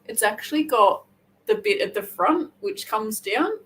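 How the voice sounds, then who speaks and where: An Australian woman hosting a casual crochet livestream, chatting and rambling with quick self-corrections. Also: a little high, lively intonation, a bit bright, low-quality recording. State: hair wet, just out of the shower. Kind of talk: casual live chat.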